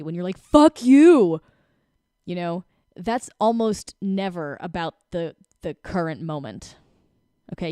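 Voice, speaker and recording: A woman in her forties giving casual relationship advice as a coach, talking in an animated way and breaking into quick acted-out voices. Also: lowish voice, clear, resonant tone, no echo, studio quality.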